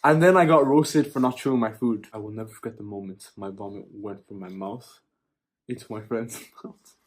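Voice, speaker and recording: A young man vlogging, telling a story in casual, animated speech, often laughing and tacking on "yeah?" and "right?". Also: on the low side, normal speed.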